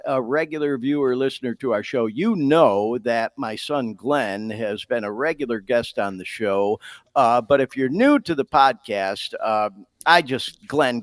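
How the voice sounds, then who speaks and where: Animated middle-aged man hosting a podcast. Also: mid-range voice, no echo, studio quality. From Detroit. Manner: animated, emotional, folksy. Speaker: podcast host. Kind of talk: casual podcast chat.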